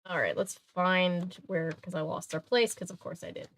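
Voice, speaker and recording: A woman's voice: fairly low pitch, steady tone, moderate pace. Chatty woman streamer reading aloud. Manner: chatty, reacts to chat, reads aloud. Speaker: streamer reading a mystery book. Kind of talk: casual livestream chat and reading aloud.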